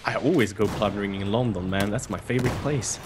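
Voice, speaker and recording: A man's voice: on the low side, fast talker. A man from Sweden with a Swedish accent, chatting casually and joking while playing a shooter with a friend. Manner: joking, laughs often, excitable. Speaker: gaming YouTuber. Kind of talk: casual gameplay chat. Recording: gunfire and game noise behind.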